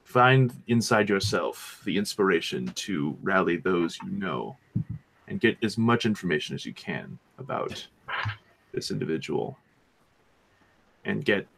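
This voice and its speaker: A man voicing a scheming male adventurer in a tabletop game, persuading an old woman in a low, measured way. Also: lively intonation, gravelly, fairly bright tone, full character voice. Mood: persuasive. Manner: hesitant, many fillers and restarts before speaking in character. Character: smooth-talking male adventurer Nikobar, scheming.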